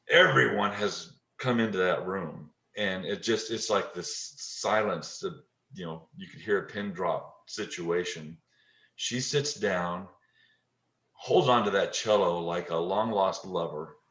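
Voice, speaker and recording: A middle-aged man telling a moving story about his work in touch therapy, halting and repeating words, tender and moved. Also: fairly low pitch, a bit bright. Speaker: touch therapy practitioner and teacher. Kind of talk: emotional storytelling interview. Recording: dull, lo-fi and roomy.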